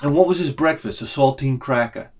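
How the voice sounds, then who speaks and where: A man's voice: mid-range voice, fairly quick. A middle-aged man ranting through a casual, comedic vlog monologue, slipping into other people's voices as he goes. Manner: animated ranting, acts out lines in voices. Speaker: vlogger.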